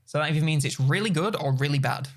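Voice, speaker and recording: A man with a slightly high-pitched voice co-hosts a gaming podcast. He talks casually and jokes a lot. He laughs and swears as he goes. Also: fast. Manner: joking, swears freely, laughs often. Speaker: podcast co-host.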